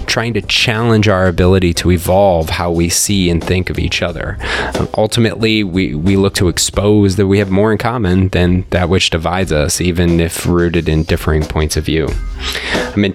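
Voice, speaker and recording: A man hosting a podcast, talking through the intro with lots of fillers and repeated words. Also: low-pitched. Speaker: podcast host. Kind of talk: casual podcast talk and intro.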